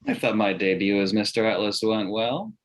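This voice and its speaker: A man's voice: lowish voice, lively intonation, moderate pace, close to an everyday voice. A man reading a smug, oblivious young billionaire in a comedy table read. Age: late 20s.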